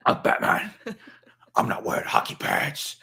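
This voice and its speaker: A man voicing a grumpy male caped hero in a breathy, gravelly whisper. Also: measured pace, pushed and bright. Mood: stubborn.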